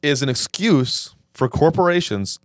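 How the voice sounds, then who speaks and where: Deadpan joking podcast host, man. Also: on the high side, unhurried, no room sound, studio quality. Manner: deadpan, ironic jokes. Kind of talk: casual comedic chat.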